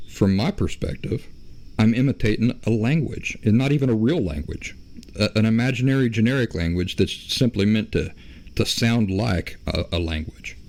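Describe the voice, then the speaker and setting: A man talks alone on his own podcast, working through his points slowly and correcting himself as he goes. His voice sits fairly low and has a gravelly, fried edge. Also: a little mellow. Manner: measured, explaining, self-correcting. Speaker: podcast host. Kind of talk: solo podcast monologue.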